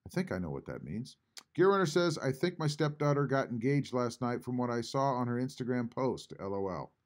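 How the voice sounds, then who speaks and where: A man hosting a casual live stream from home, reading chat messages aloud and answering them with frequent pauses. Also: mid-range voice, sing-song. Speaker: YouTube channel host reading live chat. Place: home, at a computer.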